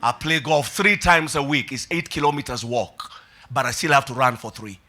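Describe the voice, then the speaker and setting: A male pastor preaching an energetic sermon in a church, calling on the congregation to repeat after him and often shouting. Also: medium pitch, normal speed.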